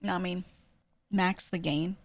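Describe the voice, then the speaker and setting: A woman streamer chatting casually with her viewers, talking quickly and lightly projecting her voice for the mic. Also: on the low side, fairly even intonation, dry recording. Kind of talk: casual chat answering a livestream chat.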